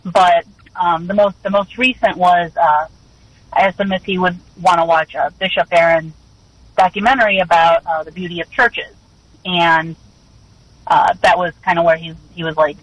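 A woman calling in to a radio show, putting her question hesitantly with many pauses and fillers. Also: lowish voice, fairly even intonation, no echo, rough recording. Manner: hesitant, full of ums and likes. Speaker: caller.

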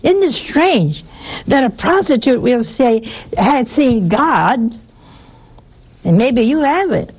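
A woman's voice: high-pitched, big pitch swings, slow, darkish tone, slightly rough, rough recording. A woman giving a sermon in a folksy, conversational way, often asking her listeners rhetorical questions. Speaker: preacher.

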